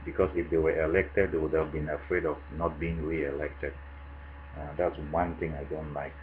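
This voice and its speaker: A man with a Cameroonian English accent, casually answering questions in a vlog, relaxed and chatty with frequent fillers. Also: very deep voice, moderate pace, narrow, tinny audio, a little hiss or hum. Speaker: vlogger answering a tag. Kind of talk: casual monologue.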